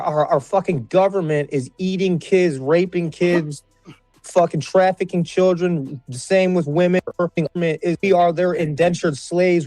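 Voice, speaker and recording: Furious, cursing man ranting. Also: dry recording. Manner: angry, profane, repeats himself, voice climbing high when shouting. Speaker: panel guest. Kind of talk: heated livestream panel rant.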